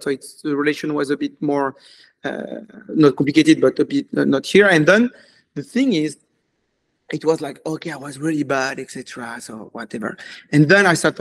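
A man with a French accent, a native French speaker, telling his life story in a casual, rambling interview full of fillers. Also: fairly high pitch. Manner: animated, rambling, many fillers. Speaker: commercial filmmaker.

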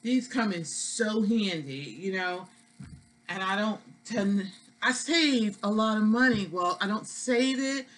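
A woman's voice: medium pitch, takes it slowly, a little hiss or hum, rough recording. A woman with a New York accent, chatting casually to viewers in a product haul vlog, folksy and talkative. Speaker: vlogger.

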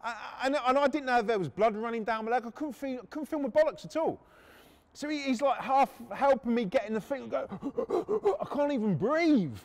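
A man tells a rough, profane story on his podcast, his voice pitched high and swinging widely as he acts out each moment. He gasps, shouts and laughs his way through the tale. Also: a little fast. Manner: animated and crude, acting out moments with gasps and shouts. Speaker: podcast host telling stories. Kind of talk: casual storytelling.

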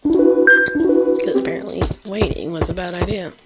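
A woman's voice: on the low side, wildly swooping pitch, measured pace. A woman playing through a story game, thinking aloud in a chatty, casual way while reading the dialogue. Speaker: let's play gamer. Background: loud game music.

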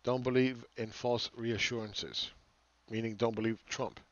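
A man's voice: mid-range voice, fairly even intonation, a little slow, dry recording, dull audio. A man hosting a market commentary channel, ranting sarcastically with exasperation and repeating phrases for emphasis. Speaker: market analyst host.

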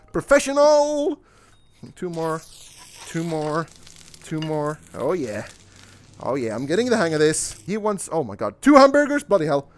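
An excitable young man talks his way through a video game, his pitch bouncing up and down as he reacts. He chatters to himself in a loose, casual way and drops the odd swear word. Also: normal speed. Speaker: gaming YouTuber. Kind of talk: casual let's-play commentary.

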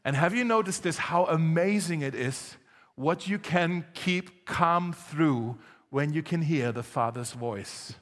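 Male pastor, slightly high voice, casual storytelling sermon, emphatic, long church reverb. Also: takes it slowly, few pauses, fairly bright tone. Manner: storytelling, conversational with laughs, rising to emphatic exhortation. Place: church hall.

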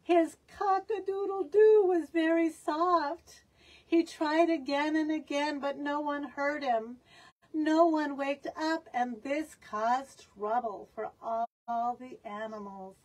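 A woman reading a picture book aloud for young children, expressive and asking them questions. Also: sits high, takes it slowly, recorded from a distance. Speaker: children's storyteller. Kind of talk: storytime read-aloud.

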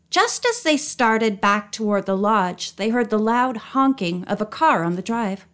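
A woman reading a children's mystery novel aloud in a clear, even storytelling manner. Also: medium pitch, measured pace, few pauses. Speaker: audiobook narrator. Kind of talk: audiobook narration.

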